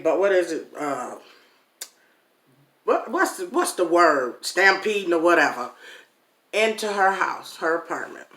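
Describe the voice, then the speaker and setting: A middle-aged woman telling a personal story to her viewers in a casual, animated way, calling them "y'all". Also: fairly low pitch. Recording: echoey room.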